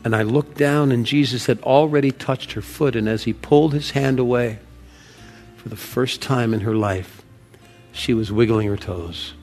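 An actor playing Josiah, a devoted ancient Hebrew father who earnestly recounts a miracle, shifting between loud wonder and hushed awe. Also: medium pitch, moderate pace, faint music behind, natural voice. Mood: earnest storytelling. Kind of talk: dramatic first-person monologue.

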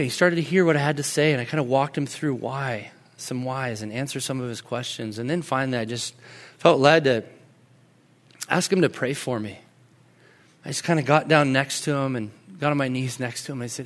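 A man in his thirties, a pastor preaching a sermon in a conversational storytelling way, dropping to soft, quiet tones when he tells personal stories. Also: mid-range voice, fairly quick. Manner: conversational storytelling, drops to soft near-whispers in anecdotes.

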